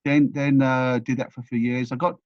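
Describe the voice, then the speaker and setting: An English-born man in his sixties talks quickly and rambles through life stories, restarting his sentences and repeating words. His voice sits at an ordinary pitch for a man. The recording sounds dull and dry, with the lo-fi quality of a home setup. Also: flat delivery, dry recording. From England. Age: 60s. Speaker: podcast guest. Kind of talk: casual storytelling interview.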